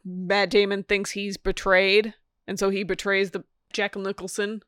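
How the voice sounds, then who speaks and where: A woman's voice: medium pitch, level tone, a little slow, a bit bright, clean tone, no echo, studio quality. A woman co-hosting a podcast, chatting casually about a movie, laughing at her own confusion as she rambles. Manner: laughing, self-deprecating, rambling. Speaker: podcast co-host. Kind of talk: casual movie review chat.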